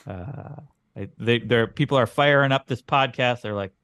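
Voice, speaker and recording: Male podcast co-host, deadpan teasing banter, dry close sound. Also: mid-range voice, moderate pace, smooth, dry recording. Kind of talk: casual comedic chat.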